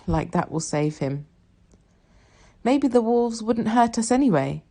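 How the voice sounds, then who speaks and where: A woman reading a novel aloud in the first person, soft and reflective. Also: on the high side, animated, a little slow, pauses often. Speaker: audiobook reader.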